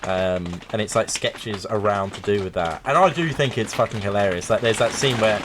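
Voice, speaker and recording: A man's voice: lowish voice, moderate pace, noisy background. A man co-hosting a comedy podcast, chatting casually, swearing freely and acting out film scenes in silly voices. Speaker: podcast co-host.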